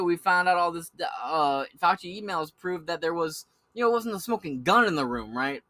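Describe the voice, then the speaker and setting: A man's voice: a little high, bright, forceful tone, no room sound. A young man hosting a podcast, telling crude, joking stories full of slang and swearing. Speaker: podcast host. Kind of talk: profane ranting commentary.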